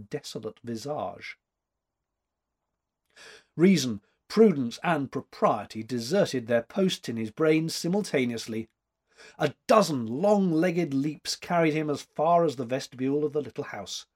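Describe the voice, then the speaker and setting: A man narrating a story aloud in a measured, expressive manner. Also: on the high side, slightly rough. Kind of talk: audiobook narration.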